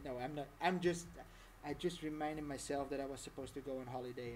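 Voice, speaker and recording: A woman's voice: deep voice, quick pace, hardly any pauses, a little mellow, a little hiss or hum. Rambling woman streaming a casual tutorial. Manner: rambling, chatty, laughs often.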